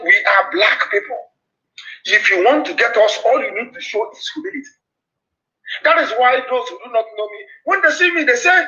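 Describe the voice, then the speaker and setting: A man with a Nigerian accent delivers an impassioned political address, hammering his points with repeated warnings. His voice sits unusually high and cuts through with a bright, tense edge. The recording is dull and lo-fi, like a replayed broadcast. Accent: Nigerian English. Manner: impassioned, denouncing, repetitive warnings. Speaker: activist broadcaster.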